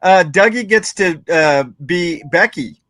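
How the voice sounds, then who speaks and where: A man's voice: high-pitched, takes it slowly, fairly bright tone, dry recording. A man hosting a casual comedy stream, joking and calling on each panelist in turn. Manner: joking, laughs often, runs the turns. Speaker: show host. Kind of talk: casual livestream banter.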